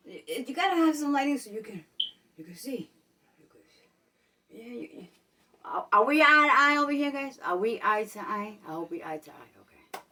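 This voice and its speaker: A woman from Puerto Rico chats her way through a home advice vlog. Her voice is fairly high and a little far from the mic. She is repetitive and keeps asking her viewers "okay?". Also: expressive, a little fast, pauses often, bright, forceful tone. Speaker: vlogger. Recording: voice a bit distant from the mic.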